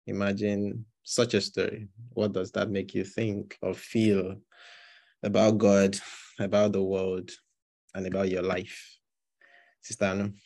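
A man leading an online group discussion over a video call, asking gentle questions with many pauses. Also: on the low side, level tone, vocal fry, no echo. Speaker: leader of an online group session.

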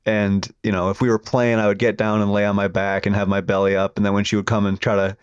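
Guy with a low voice rambling casually on a podcast, kinda dull lo-fi sound. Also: fast talker, clear, resonant tone, dry recording. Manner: relaxed, rambling, self-correcting. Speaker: podcast co-host. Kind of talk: casual chat.

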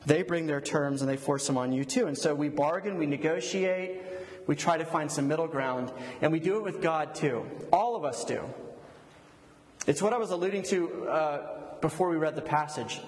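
A man preaching, leading a prayer and then telling a story in a relaxed, conversational way. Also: on the high side, normal speed. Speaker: pastor. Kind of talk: sermon with storytelling. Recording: echoey hall, long reverb.

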